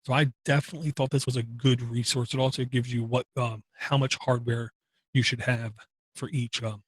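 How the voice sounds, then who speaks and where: An older man with a mid-range voice talks bluntly in a casual podcast chat, quick to declare what people should give up. His tone is grumpy and opinionated. The sound is close and dry, with no room around it. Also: mid-range voice, level tone, breathy edge, dry recording. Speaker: podcast co-host.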